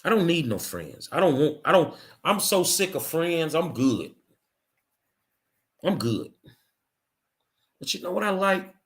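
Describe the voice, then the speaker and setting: A man's voice: a little high, sing-song, a little slow, long pauses, fairly bright tone. A middle-aged man hosting his own show, delivering an angry, emphatic monologue with hard repetition. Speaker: show host. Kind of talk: impassioned monologue.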